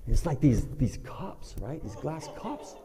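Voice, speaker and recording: A man with a somewhat high voice speaks at a measured pace, recounting a humorous episode from his own life for a live crowd. Performing animatedly on a performing arts center stage, he acts out voices and sound effects, and the recording has the hall's long reverb.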